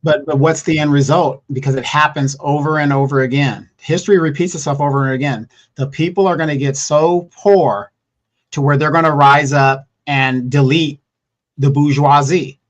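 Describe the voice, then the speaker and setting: A man with a notably high voice talks politics on a live stream. He argues hard, firing off rhetorical questions one after another. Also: fairly even intonation, moderate pace. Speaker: co-host. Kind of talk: political commentary.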